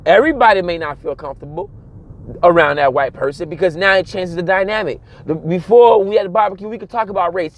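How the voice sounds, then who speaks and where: A man, giving a casual, animated monologue and mimicking other people's voices along the way. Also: high voice, quick pace. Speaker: commentator.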